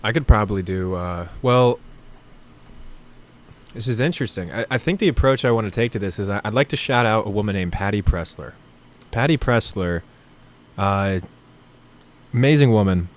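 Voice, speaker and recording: A man's voice: on the low side, normal speed, long pauses. Rambling young man telling a story. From New Jersey. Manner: rambling storytelling, self-deprecating, laughs often. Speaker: comedian guest. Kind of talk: casual podcast chat.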